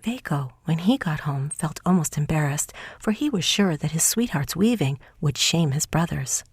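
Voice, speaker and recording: A woman narrating a folk tale audiobook in a soft, hushed, scripted reading. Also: deep voice, expressive, moderate pace, husky, dry recording, clean studio sound.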